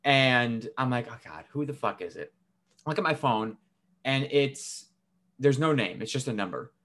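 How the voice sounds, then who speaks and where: A man's voice: mid-range voice, lively intonation, normal speed, fairly bright tone. A young man co-hosting a podcast, telling a family story in a casual, swearing, laughing way. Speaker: podcast co-host.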